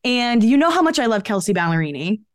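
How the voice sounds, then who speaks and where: Chatty woman podcast co-host, high voice. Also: sing-song, fast, clean tone, no room sound, studio quality. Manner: chatty, gossipy, frequent "like" fillers. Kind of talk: casual pop-culture chat.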